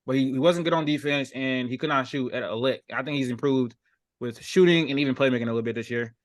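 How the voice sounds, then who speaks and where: A man's voice: medium pitch, fast. A young man hosting a casual sports debate, laid-back and hedging, laughing often. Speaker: podcast host.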